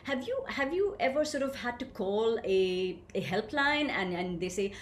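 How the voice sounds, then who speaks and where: A woman leading an online voice workshop, telling stage stories and reading out participants' comments in an animated, engaging way. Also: a little high, moderate pace. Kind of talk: interactive webinar talk. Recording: echoey room with faint ambient noise.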